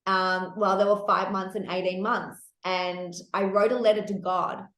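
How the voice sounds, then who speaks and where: A woman hosting a candid, casual podcast chat, animated and laughing, with casual swearing. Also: medium pitch, normal speed, reverberant. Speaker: podcast host.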